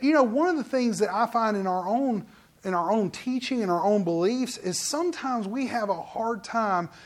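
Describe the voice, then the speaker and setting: A pastor preaching a midweek sermon in a conversational way, jumping from loud exclamations to soft, hushed asides. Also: mid-range voice.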